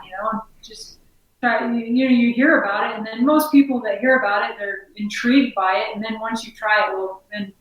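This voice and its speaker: A woman's voice: a little high, a little fast. Chatty woman from Colorado in an echoey room. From Colorado, United States. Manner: relaxed, chatty, with many fillers. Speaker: guest, former biathlete and shop owner. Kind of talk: casual interview talk. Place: inside her outdoor gear shop. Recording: echoey room, voice far from the mic.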